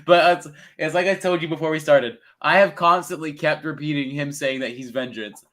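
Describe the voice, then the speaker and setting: Excitable young man rambling about movies. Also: on the high side, moderate pace. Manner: rambling, excitable, swears casually. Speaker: podcast co-host. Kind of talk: casual movie review chat.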